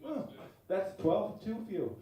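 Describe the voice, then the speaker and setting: Brash comedian mocking a crowd. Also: male voice, high voice, expressive, slow pace, warm tone. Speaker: stand-up comedian on stage. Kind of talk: live stand-up crowd work. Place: comedy club stage. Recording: distant, echoey club recording. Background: audience laughter.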